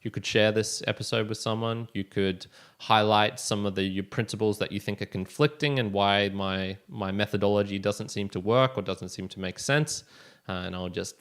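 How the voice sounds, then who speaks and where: A man's voice: on the low side, normal speed, smooth. A young man hosting a solo podcast, talking casually and rambling with frequent restarts and chuckles. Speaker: podcast host.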